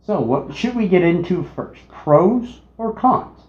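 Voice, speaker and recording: A man co-hosting a casual movie review, unhurried, sharing trivia. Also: high-pitched, sing-song, darkish tone. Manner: unhurried, shares trivia tidbits. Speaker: podcast co-host. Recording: echoey room, dull lo-fi sound.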